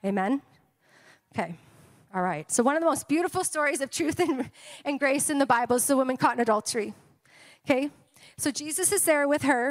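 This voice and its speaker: High-voiced woman preaching a sermon. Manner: animated, frequent "amen?" and "okay?" to congregation. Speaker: pastor. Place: church sanctuary. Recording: long hall reverb.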